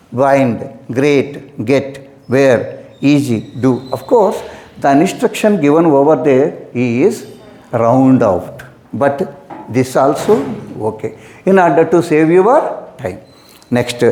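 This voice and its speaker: A man's voice: medium pitch, sing-song, slow pace, a little mellow, reverberant. A man teaching an English exam lesson who repeats his instructions and calls his students "my dear".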